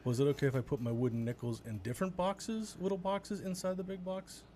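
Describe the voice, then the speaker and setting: A man's voice: sits high, level tone, fairly quick, mellow, a little hiss or hum. A man on a podcast chiming in with playful, joking interjections.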